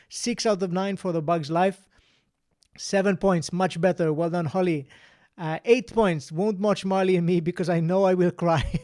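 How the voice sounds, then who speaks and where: A man's voice: sits high, darkish tone. A man hosting a casual live-stream quiz, chatting, reading out answers and scores, and laughing often. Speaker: quiz host.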